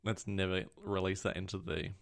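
A low, gravelly man's voice co-hosting a casual tech chat. He wanders through his stories, stopping to correct himself mid-sentence. The fry in his voice stays steady throughout. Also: normal speed. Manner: rambling, self-correcting storyteller. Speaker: podcast co-host.

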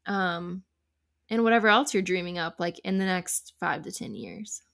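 A woman's voice: on the low side, moderate pace, vocal fry, a bit bright. A young woman hosting a podcast interview, encouraging and upbeat. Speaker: podcast host. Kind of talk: casual interview chat.

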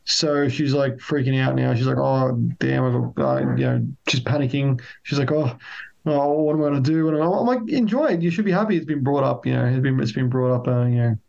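Gravelly man, rambling chat. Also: mid-range voice, brisk, a little mellow, lo-fi sound. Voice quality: rambling with many restarts. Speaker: podcast co-host. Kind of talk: casual chat.

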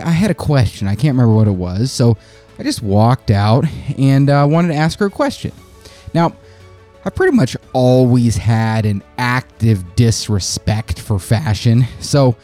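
A man doing stand-up, telling a story in a profane, exasperated, self-mocking way and breaking into loud yells when he acts out the scene. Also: medium pitch. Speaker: stand-up comedian.

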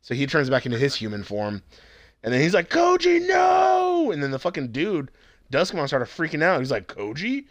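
A young anime-recap podcaster talks a little fast in a medium-pitched voice, chatting casually with his co-host. Excitable and foul-mouthed, he acts out the scenes with voices, and there's no room sound.

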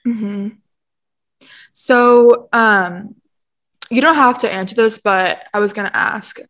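A woman hosting an interview, asking gentle, tentative questions. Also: medium pitch, slow. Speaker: host.

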